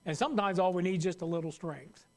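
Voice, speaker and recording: A man's voice: high voice, fast talker. A man preaching a sermon as pastor, talking conversationally and acting out worried voices. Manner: conversational, acts out worried voices, laughs at own jokes.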